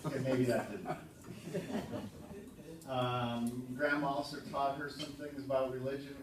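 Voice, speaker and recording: A man in his fifties giving a halting, dryly funny tribute speech as a son to a party audience, pausing often with ums. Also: mid-range voice, fairly even intonation, over a noisy crowd. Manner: halting, dry humorous storytelling with many ums. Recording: echoey hall from a distant mic. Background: room ambience and audience laughter.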